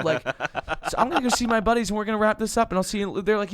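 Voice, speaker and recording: A man, hosting a casual podcast chat and telling stories with lively acted-out quotes and frequent laughs. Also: high-pitched, quick pace, hardly any pauses, no room sound. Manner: animated storyteller, acts out quotes, laughs often. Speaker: podcast host, musician.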